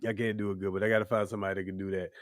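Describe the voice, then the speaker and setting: A man's voice: on the low side, little pitch movement, very fast, no echo. A young adult man hosting a casual podcast, talking loosely and joking, with mock-scolding asides. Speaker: podcast host. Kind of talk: casual chat.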